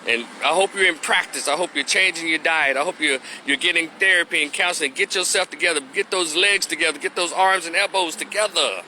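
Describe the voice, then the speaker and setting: A man's voice: on the high side, a little fast, hardly any pauses, sharp tone, slight background noise. A man from Memphis with a Memphis Southern accent, giving a casual opinion monologue in loose, rhythmic street talk. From Memphis, Tennessee. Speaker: commentary vlogger.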